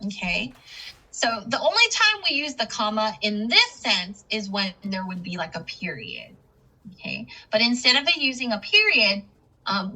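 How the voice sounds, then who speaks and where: Bright-voiced woman teaching patiently. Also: medium pitch, rough recording. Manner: patient, checks in with frequent "okay". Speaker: ESL teacher. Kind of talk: classroom lesson on punctuation.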